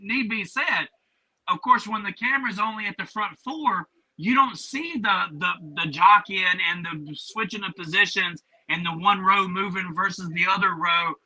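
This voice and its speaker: High, very bright animated man. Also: poor audio. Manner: animated storyteller, emphatic. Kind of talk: casual radio talk.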